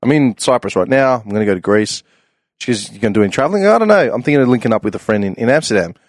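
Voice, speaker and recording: A young Australian man telling a casual story on a podcast, laughing often and loudly acting out the voices of people he quotes. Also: fairly low pitch, very fast, dry recording, studio quality. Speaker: podcast panelist.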